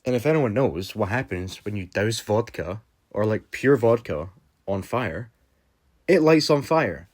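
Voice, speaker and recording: A young man with a slightly low voice tells a story to camera. His talk is loose and rambling, padded with fillers and casual swearing. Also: expressive, unhurried, darkish tone. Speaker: vlogger. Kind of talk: storytime vlog.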